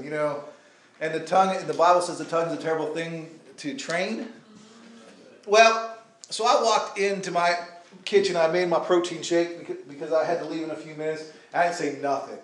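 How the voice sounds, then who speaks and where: A pastor with a fairly high voice delivers a sermon, talking casually and throwing asides to his listeners. He speaks into a mic in a church, and the room is echoey. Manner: conversational preaching with asides to the congregation. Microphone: handheld or stand mic.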